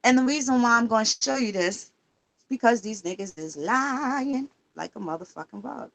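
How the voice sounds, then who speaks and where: Woman ranting on her stream, kinda high voice, cussing a lot, lots of "right?" and "okay?". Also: lively intonation, moderate pace, gravelly, a bit bright. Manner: profane, emphatic, fires rhetorical questions. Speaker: livestream host. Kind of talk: casual talk while searching records online.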